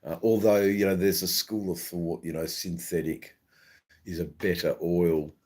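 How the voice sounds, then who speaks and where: A middle-aged Australian man with an Australian accent, hosting a relaxed, rambling live stream and chatting with viewers, with many ums and restarts. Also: low voice, measured pace. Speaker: livestream host. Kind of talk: casual live-stream chat, reading viewer comments.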